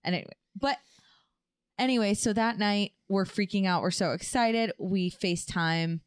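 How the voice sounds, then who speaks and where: A young woman co-hosting a podcast, telling a story in a casual, animated way and acting out the quotes. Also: a little slow, clear, resonant tone, no room sound, studio quality. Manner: animated, acts out quotes with big pitch jumps. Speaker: podcast co-host.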